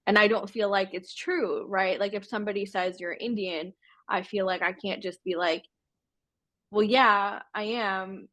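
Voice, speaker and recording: A woman's voice: mid-range voice, little pitch movement, normal speed, a bit bright, dry recording. Chatty young-sounding woman guest. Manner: chatty, full of "like" fillers. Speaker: podcast guest. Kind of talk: casual conversation.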